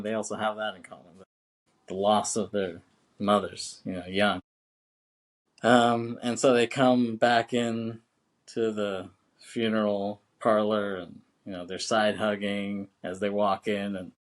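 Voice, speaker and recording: Laid-back podcast host, laughing and swearing. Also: male voice, on the low side. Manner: laid-back and chatty, laughs often, swears, keeps saying "you know what I'm saying". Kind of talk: casual film podcast chat.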